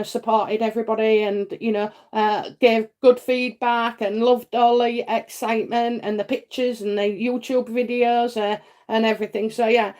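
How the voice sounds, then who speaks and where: A woman with a fairly high pitch and darkish tone hosts a live psychic stream, fielding questions from viewers. She keeps things chatty and soothing, filling her speech with fillers and regularly checking "okay?"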